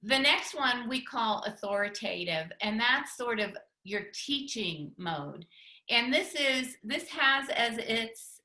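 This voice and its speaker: A woman's voice: on the high side, expressive, takes it slowly, sharp tone, reverberant. A woman teaching a communication workshop with her husband, chatty, with frequent laughs and restarts. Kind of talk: teaching talk with spouse.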